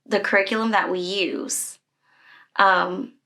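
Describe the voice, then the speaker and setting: Children's ministry leader, woman, bright forceful voice, candid emotional storyteller with lots of fillers. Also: medium pitch, steady tone, takes it slowly. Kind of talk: personal storytelling in a conversation.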